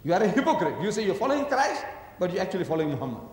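In a public lecture on religion, a male religious lecturer speaks rapid-fire in a fairly high voice with a lively, swooping delivery. He hammers home his points with rhetorical questions and does voices in his anecdotes, and the audio carries a long, echoey hall reverb.

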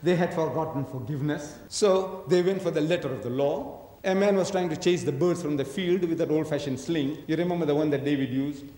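A man's voice: a little high, brisk, hardly any pauses, dark tone. A man giving a public lecture on religion, emphatic and full of rhetorical questions, acting out the voices in his stories. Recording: echoey hall reverb.

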